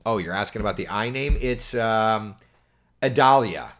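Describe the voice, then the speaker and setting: A man's voice: on the low side, moderate pace. A man, a TV meteorologist, chatting casually on a livestream and answering viewer questions. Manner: chatty, animated, reads viewer comments aloud.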